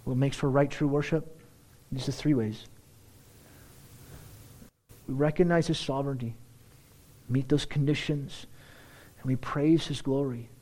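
A man preaching a sermon, building to excited, emphatic peaks. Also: medium pitch, a little slow, long pauses. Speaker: pastor.

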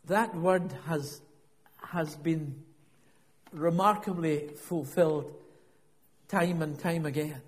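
A man's voice: on the high side, takes it slowly, big-room sound. A middle-aged man preaching a sermon, telling a personal story in a reflective way and often repeating and restarting his words.

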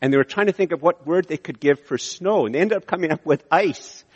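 A man from Canada preaching a sermon, animated, with emphatic rises and frequent restarts. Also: a little high, brisk, slightly rough, highs cut off. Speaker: pastor. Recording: reverberant hall from a distance.

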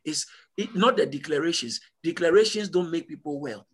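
A man preaching a sermon as pastor, emphatic and repetitive, building to loud call-and-response peaks. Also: on the high side, moderate pace.

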